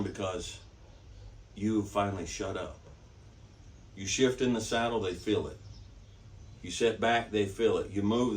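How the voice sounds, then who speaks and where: Man instructor, lowish voice, emphatic and repetitive, recorded from a distance. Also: a little mellow, slight background noise. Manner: emphatic, repetitive, checks in with "okay?". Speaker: horsemanship instructor. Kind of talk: teaching demonstration. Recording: distant mic.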